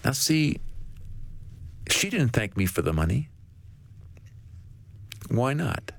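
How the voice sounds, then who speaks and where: A man, a guest author on a faith talk show, telling a story in an animated way. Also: medium pitch, slow, gravelly, no room sound.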